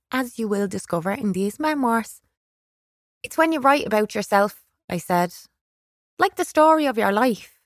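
A woman reading a first-person children's story aloud in a wry, expressive way on a close studio mic. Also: on the low side, no room sound. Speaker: audiobook reader.

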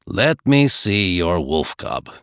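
A man doing a gruff old herdsman in his sixties, growling and scolding, lively swings in the voice, a dry close sound with no room around it, an audiobook character. The old man is stern and quick to anger. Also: mid-range voice, dry recording. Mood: dark. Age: 60s.

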